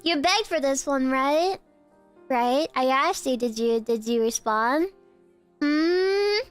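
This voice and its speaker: A young woman streaming live, who teases her chat in a giggly, playful way while pretending to be a barista and sometimes breaks into squeaky outbursts. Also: a little slow, smooth, soft background music.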